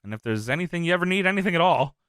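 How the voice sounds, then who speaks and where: A man's voice: lively intonation, a bit bright, smooth, no echo, clean studio sound. A man doing a smarmy, sleazy wrestling boss. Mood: schmoozing. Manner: low oily fast patter, sudden swearing.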